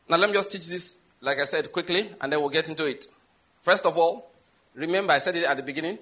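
During a sermon, a Nigerian-accented man tells a story with forceful emphasis. On the key words his voice jumps high and loud.

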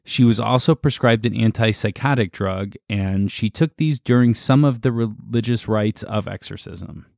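A man co-hosting a casual podcast chat, relaxed and halting as he reads from his notes. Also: on the low side, gravelly, no room sound, studio quality. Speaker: podcast co-host.

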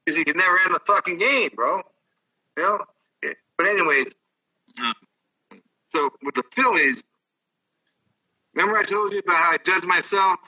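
A man's voice: high voice, moderate pace, pauses often, sharp tone, breathy edge, recorded from a distance, dull audio. An older man, a former ballplayer, telling rambling, profane stories in casual chat. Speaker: guest, former baseball player. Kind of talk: casual storytelling.

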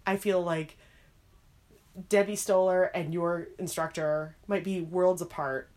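A woman co-hosting a podcast in casual chat, animated and expressive, often slipping into other people's voices as she retells stories. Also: on the low side, unhurried.

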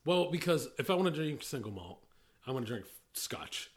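A middle-aged man co-hosting a casual chat, rambling and often breaking off mid-sentence, quick to laugh. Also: fairly high pitch, very animated. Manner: rambling, self-interrupting, laughs easily. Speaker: podcast co-host, whiskey industry veteran.

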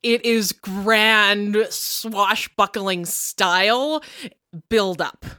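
A woman player narrating a tabletop role-play scene in an animated, halting way. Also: mid-range voice, clean tone, no echo.

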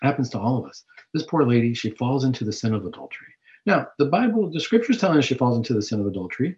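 Animated man preaching on scripture. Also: medium pitch, fast talker. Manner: animated, rhetorical questions, retells scripture. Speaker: host of a Catholic talk show. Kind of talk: preaching-style reflection on scripture. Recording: dull lo-fi recording.

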